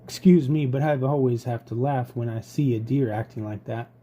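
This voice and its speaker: A man voicing a cheerful, mocking male woodpecker in a storybook reading, speaking high and loud with glee. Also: fairly even intonation, moderate pace, natural voice. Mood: gleeful. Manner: gleeful, laughing, high and loud.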